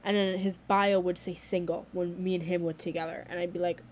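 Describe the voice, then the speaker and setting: A woman's voice: fairly low pitch, flat delivery, fairly quick, few pauses, a little mellow, a little hiss or hum. A young woman talking casually to camera in a vlog, candid and blunt, swearing freely and filling her speech with "like.".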